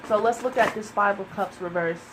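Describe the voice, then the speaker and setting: A woman's voice: medium pitch, fairly quick, background noise. A woman giving a casual tarot reading, emotional and searching, close to tears and hesitating often. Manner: emotional, searching, with many fillers. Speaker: tarot reader.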